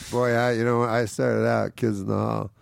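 A man's voice: mid-range voice, little pitch movement, moderate pace, creaky, dry recording, studio quality. A man, a guest comedian, telling a rambling anecdote, chuckling often and mimicking the people in it. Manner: meandering storyteller, chuckles often, mimics people in his stories.

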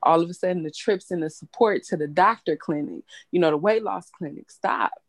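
Low-voiced woman, blunt and candid. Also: brisk, no echo. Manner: candid, blunt, swears freely. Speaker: host. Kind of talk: casual podcast chat.

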